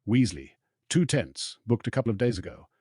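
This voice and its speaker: A man's voice: mid-range voice, big pitch swings, normal speed, a little mellow, slightly rough, no room sound, studio quality, pitched above the performer's own voice. A man voicing a cheerful, easily flustered middle-aged wizard father who fumbles nervously in an audiobook reading.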